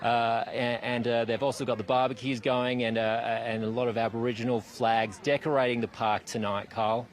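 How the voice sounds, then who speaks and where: A man's voice: medium pitch, level tone, moderate pace, hardly any pauses. A man with an Australian accent reporting live from an outdoor park event, conversational with a few fillers. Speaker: field reporter. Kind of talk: live cross from location.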